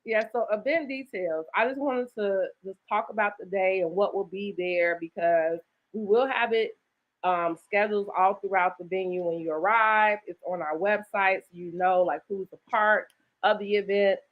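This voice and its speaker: An upbeat woman host chats about a book festival, often tossing in "right?" as she goes. She has a slight lisp, and her voice sits at a middle pitch on dull lo-fi audio. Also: normal speed. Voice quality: slight lisp from dental aligners. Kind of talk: casual promotional chat.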